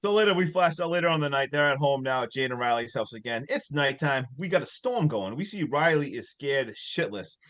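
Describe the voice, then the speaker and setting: A man hosting a podcast rattles through a movie plot in a loose, chatty way. His voice sits at an everyday middle pitch. He gets worked up at the creepy parts and throws in the odd swear word. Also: fairly quick, few pauses. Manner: excitable storytelling, loose and profane. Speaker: podcast host. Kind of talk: casual movie recap.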